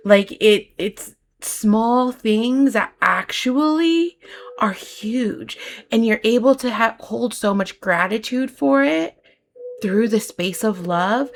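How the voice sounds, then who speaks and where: A woman with a gravelly, fry-edged voice reads tarot cards for her listeners. She talks softly and from the heart, rambling through her thoughts with plenty of fillers. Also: on the high side. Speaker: tarot reader. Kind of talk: channeled tarot reading.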